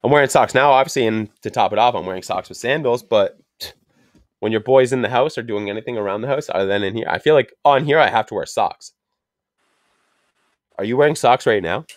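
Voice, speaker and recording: A man's voice: medium pitch, a little fast, dry recording, studio quality. A young adult man hosting a casual cigar podcast, rambling and joking crudely as he tells stories. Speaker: podcast host.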